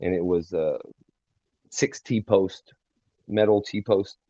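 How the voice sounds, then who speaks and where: A man telling a long personal story in a halting, rambling way as an interview guest. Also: deep voice, warm tone, no echo. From Texas. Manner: rambling, halting, many fillers and restarts. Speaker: guest singer-songwriter. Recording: dry, dull lo-fi sound.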